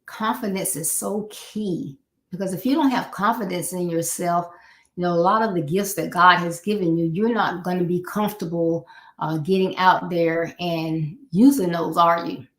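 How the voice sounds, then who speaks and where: A Florida woman working as a life coach gives a live motivational talk, her voice on the low side with a steady tone at a normal speed. She speaks conversationally, repeats her main points, and acts out the people she quotes. The room sounds echoey.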